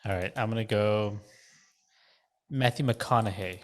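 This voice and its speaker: A man co-hosting a podcast, speaking in a hesitant, sheepish way with lots of pauses. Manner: hesitant, sheepish, low-key. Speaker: podcast co-host. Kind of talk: casual chat.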